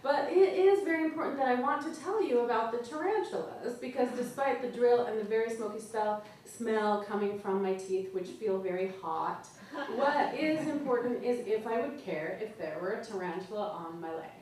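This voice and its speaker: Woman author, live reading, wry comic delivery, high voice, echoey hall, mic far away. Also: normal speed, a little mellow, slight background noise. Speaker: author reading her work. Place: literary event hall with audience.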